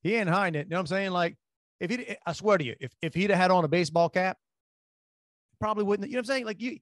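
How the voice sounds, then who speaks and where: A man's voice: high-pitched, fast talker, no room sound. Male co-host, casual storyteller who rambles and restarts, dry studio sound. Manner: rambling, animated anecdotes with restarts. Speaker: radio show co-host.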